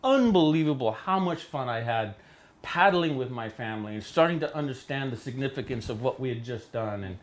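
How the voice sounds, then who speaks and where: Man, middle-aged, from Hawaii, interview guest, animated storyteller, studio. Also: brisk. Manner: animated, acts out quotes with big pitch jumps.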